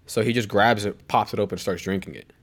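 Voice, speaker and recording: In a casual podcast chat, a young male co-host tells a meandering, profanity-filled story that keeps veering into tangents. His voice is on the low side, brisk, with fairly even intonation.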